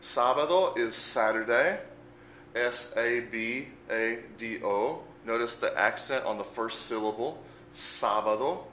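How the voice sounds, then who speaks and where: A man's voice: mid-range voice, measured pace, bright, forceful tone, reverberant, slight background noise, low-quality recording. A man giving an unscripted language lesson, speaking patiently and spelling words out letter by letter. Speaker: Spanish teacher.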